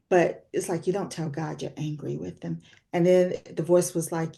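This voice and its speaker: Her voice is fairly low, gravelly and mellow, delivered flatly at a moderate pace with hardly any pauses. She is a woman in her sixties, a guest author giving earnest, reflective personal testimony in a talk-show interview, with many fillers.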